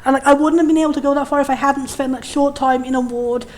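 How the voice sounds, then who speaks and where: A young woman with a high, light voice talks through a game on her channel. She is frank and rambling, restarting her sentences and swearing now and then as she speaks. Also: steady tone, fast talker, a little mellow. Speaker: game reviewer. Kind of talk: candid game commentary.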